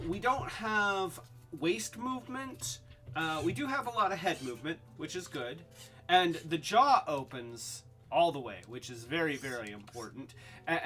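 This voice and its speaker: A man hosting a casual toy live stream, rambling and halting, with many restarts and fillers, and calling himself by a nickname in the third person. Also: a little high, a bit bright. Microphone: webcam.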